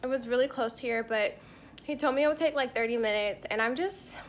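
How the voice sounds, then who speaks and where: A woman with a fairly high voice talks casually and briskly to her camera during a solo trip, candid and chatty as she samples pastries and comments between bites. She's a travel vlogger, not from Hawaii, sounding irritated and tired, filming in her hotel room and on the go. Faint background noise sits beneath her voice.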